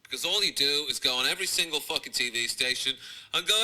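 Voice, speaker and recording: A British comedian giving a profane, mocking rant while reacting to video clips. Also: male voice, a little high, lively intonation, fast talker, background noise. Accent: British English. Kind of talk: ranting commentary over video clips.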